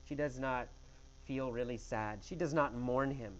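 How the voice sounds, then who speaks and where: A man's voice: mid-range voice, a little slow, a little hiss or hum, poor audio. A man teaching English with a question-and-answer story, speaking in an emphatic, exaggerated way.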